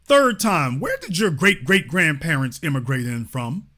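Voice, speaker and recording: A man hosting a heated call-in show, speaking with a Louisiana accent. His voice is bright and his pitch jumps around a lot as he hammers a caller with repeated questions and insults. He stays confrontational throughout. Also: big pitch swings, moderate pace. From Shreveport, Louisiana. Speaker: show host.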